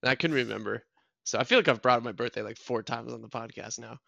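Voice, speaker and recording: A man's voice: mid-range voice, fast talker, vocal fry, dry recording. A man in his early twenties co-hosting a podcast, chatting casually and telling jokey stories. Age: young adult. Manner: joking, self-mocking, animated storytelling. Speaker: podcast co-host. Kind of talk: casual chat.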